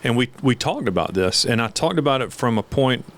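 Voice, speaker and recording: A middle-aged man hosting a podcast, talking in a gentle, hesitant way as he searches for words. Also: medium pitch, expressive, a little fast. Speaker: podcast host. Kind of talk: casual interview conversation.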